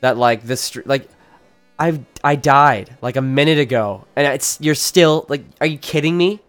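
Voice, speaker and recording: A man's voice: medium pitch, moderate pace, a bit bright, faint music behind. A man streaming a game live, complaining in an exasperated, dramatic way and laughing a lot at his own troubles. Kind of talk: casual live gameplay commentary.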